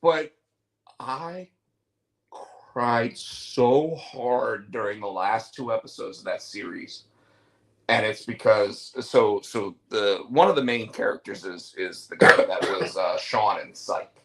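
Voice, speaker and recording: A man's voice: fairly low pitch, slow, a bit bright, low-quality recording. A man hosting a casual talk show, telling stories with lots of fillers and restarts. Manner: rambling storyteller, many fillers and restarts. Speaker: show host. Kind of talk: casual chat.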